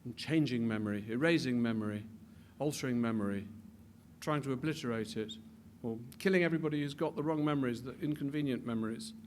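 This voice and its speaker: A man giving a public talk with animated delivery, building to emphatic peaks and often repeating words as he restarts his sentences. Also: medium pitch, fast, slight background noise. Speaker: speaker.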